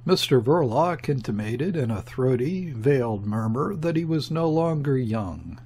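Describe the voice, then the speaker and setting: A male audiobook narrator reads a classic novel in a measured, deliberate way. His pace is very slow and his voice has a husky texture. His pitch sits at an ordinary middle level. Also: lively intonation, a little mellow. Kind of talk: scripted narration.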